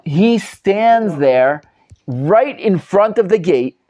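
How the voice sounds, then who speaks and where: Rabbi teaching a live class, animated and emphatic, slightly high voice, dull lo-fi sound. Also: male voice, takes it slowly. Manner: animated, emphatic, many restarts and repeated words. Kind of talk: live Torah class with student questions.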